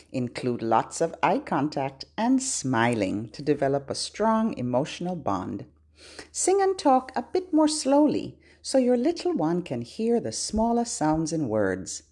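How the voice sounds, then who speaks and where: A woman hosting a baby podcast, leading rhymes and songs in a gentle, playful, sing-songy way. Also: deep voice.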